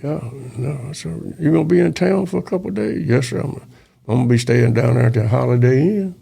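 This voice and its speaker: Older guy, real gravelly and husky, folksy ex-cop telling stories. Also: a little high, fairly quick, mellow. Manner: folksy, acts out dialogue in quoted voices. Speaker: retired police officer storyteller. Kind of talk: casual storytelling interview.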